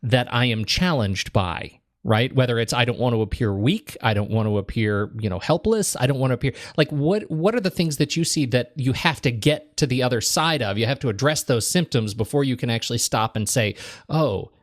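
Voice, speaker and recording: A man's voice: medium pitch, animated, a little fast, few pauses, no echo, studio quality. A man co-hosting a podcast, asking questions in a supportive way and thinking aloud as he goes. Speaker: podcast co-host. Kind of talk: conversational podcast talk.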